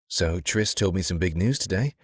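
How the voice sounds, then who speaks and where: A man's voice: sits low, normal speed, husky, no room sound, clean studio sound, pitched above the performer's own voice. A man voicing a cheeky young Englishwoman. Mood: playful. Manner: lively, cheeky, exasperated teasing. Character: playful young English woman, dance teacher. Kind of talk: audiobook character reading.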